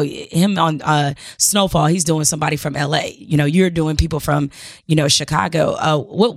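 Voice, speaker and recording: A woman's voice: low voice, creaky, no echo, studio quality. A woman hosting a podcast and working as a sports journalist, asking questions in a friendly, conversational way. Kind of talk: casual interview.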